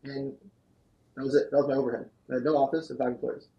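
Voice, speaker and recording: A man, a guest on a podcast, telling a long story in an animated, fast-moving way. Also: mid-range voice, highs cut off. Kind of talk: storytelling interview answer. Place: podcast studio.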